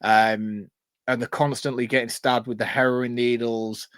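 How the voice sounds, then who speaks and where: A blunt, expressive man with a mid-range voice, swearing freely as he reviews a film in casual chat. He sounds close and dry, with no room echo. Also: medium pitch, measured pace, smooth. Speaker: podcast co-host.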